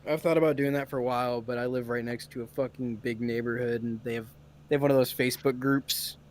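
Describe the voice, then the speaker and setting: A man's voice: medium pitch, steady tone, fast talker, darkish tone. A man in casual podcast chat, telling stories in a laid-back, profane way. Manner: profane, laid-back storytelling with frequent swearing.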